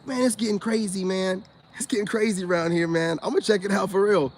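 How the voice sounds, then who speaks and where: A man's voice: sits high, steady tone, fairly quick. An American man giving rambling casual commentary to his viewers, laughing often and talking loosely in slang. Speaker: spiritual self-help vlogger.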